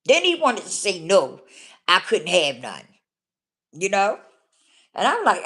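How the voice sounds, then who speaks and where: Blunt, casual woman vlogger with animated pitch. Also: slow. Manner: blunt, casual, keeps checking in with the listener. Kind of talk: candid personal storytelling.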